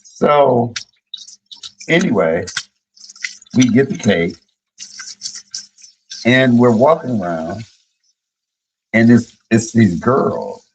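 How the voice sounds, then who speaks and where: A middle-aged man, a comedian, telling profane, joking stories on a casual livestream and jumping high in pitch when he quotes people. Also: animated, drawn-out words, pauses often, muffled recording, slight background noise. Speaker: comedian and YouTube cook.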